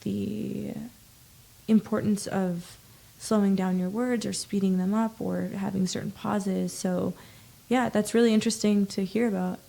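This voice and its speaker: A woman's voice: medium pitch, steady tone, unhurried, gravelly, dark tone. A young woman guest on a podcast, an actor, talking thoughtfully and agreeably, sometimes drawing her words out. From United States. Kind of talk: casual interview chat.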